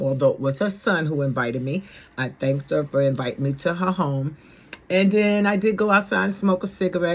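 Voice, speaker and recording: A middle-aged woman from New York City with a New York accent, telling her viewers a family story in a blunt, animated, profane way. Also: extremely low pitch. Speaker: vlogger.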